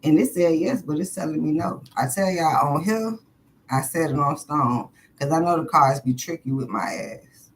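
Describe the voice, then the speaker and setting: A woman's voice: deep voice, normal speed, a little hiss or hum, rough recording. Blunt, foul-mouthed woman reading tarot live. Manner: profane, blunt and chatty with viewers; laughs often between questions. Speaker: tarot card reader. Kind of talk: casual live-stream chat.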